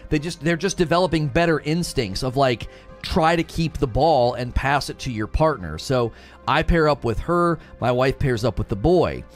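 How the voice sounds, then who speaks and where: A man in his thirties casually telling stories to his stream, animated and self-mocking, laughing often. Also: medium pitch, moderate pace, soft background music. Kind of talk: casual storytelling to a live stream.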